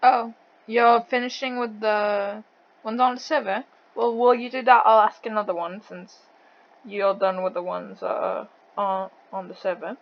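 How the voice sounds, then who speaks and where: A woman interviewing a guest over voice chat, blunt and quick to laugh, with a thick accent and a habit of swearing. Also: mid-range voice, steady tone, lo-fi sound. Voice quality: says she has a thick accent.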